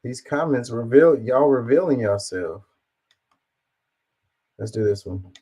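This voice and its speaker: A man's voice: medium pitch, lively intonation, slow pace, mellow, low-quality recording. A man casually reacting to a news story, reading viewer comments aloud and swearing bluntly.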